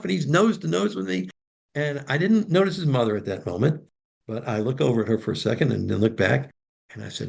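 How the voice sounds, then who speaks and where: Older male storyteller, raspy and gravelly, emotional, acts out dialogue. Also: medium pitch, a little fast, darkish tone. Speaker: guest, professional Santa Claus. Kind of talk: heartfelt storytelling in interview.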